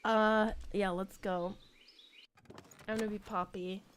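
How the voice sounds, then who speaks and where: A woman streaming a game, chatty and giggly, thinking out loud as she plays. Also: mid-range voice, little pitch movement, takes it slowly, clear, resonant tone. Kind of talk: casual game reaction stream.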